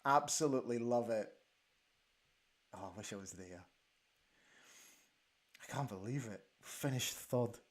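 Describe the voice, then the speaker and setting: A man hosting a live football watch-along show from a studio, excitable and exclaiming, often repeating himself as he reacts to the match. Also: medium pitch, a little slow, long pauses. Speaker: host.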